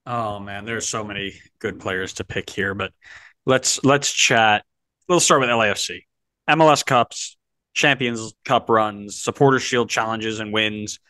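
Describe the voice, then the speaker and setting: A man's voice: fairly low pitch, a little slow, pushed and bright, dry recording. Playful man hosting a sports podcast. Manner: playful, prompting his co-host, jokey. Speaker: podcast host. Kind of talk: casual sports podcast chat.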